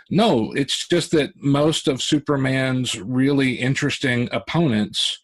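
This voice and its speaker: A man talks through his ideas on an online panel, circling and restarting with lots of fillers as he thinks aloud. His voice sits at a middle pitch, and the sound is a plain video-call recording. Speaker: author on a panel. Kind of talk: casual panel discussion.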